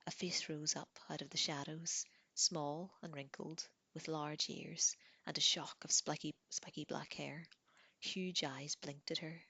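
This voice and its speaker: A woman narrating a book chapter aloud in a calm, measured way. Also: low voice, vocal fry, breathy edge, no room sound. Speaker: audiobook reader. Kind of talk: audiobook narration.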